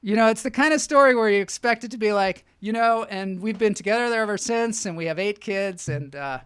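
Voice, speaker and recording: A man's voice: high-pitched, fairly quick, fairly bright tone, smooth, no room sound. A man hosting a live online show, telling rambling comic stories and reading out the chat, often laughing at his own jokes.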